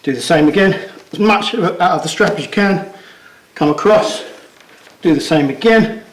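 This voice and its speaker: Male strength coach, higher-pitched, a touch winded, instructive step-by-step delivery, echoey room. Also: normal speed. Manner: instructive, step-by-step, trails off quietly at phrase ends. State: out of breath from pulling. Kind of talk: hands-on demonstration.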